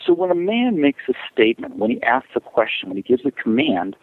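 A man's voice: medium pitch, big pitch swings, brisk, no room sound. A man from the United States, a dog trainer, talking emphatically in an interview and acting out voices in his examples. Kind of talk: animated interview talk. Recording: dry tinny phone line.

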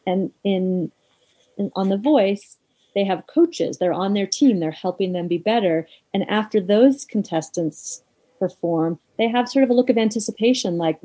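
A woman's voice: medium pitch, moderate pace, dark tone, slightly rough, low-quality recording. A middle-aged woman guest talking things through reflectively in an interview, with frequent fillers. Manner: thoughtful, reflective, with many fillers. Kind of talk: conversational interview.

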